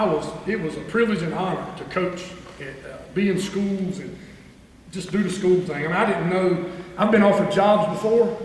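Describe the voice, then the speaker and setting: Middle-aged man, ex-coach, high-pitched and folksy, miked from a distance in a booming hall. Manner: folksy storytelling, rambling with restarts. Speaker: guest speaker, former head coach. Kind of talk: motivational speech to a club meeting. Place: banquet room. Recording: echoey hall, distant mic, faint noise.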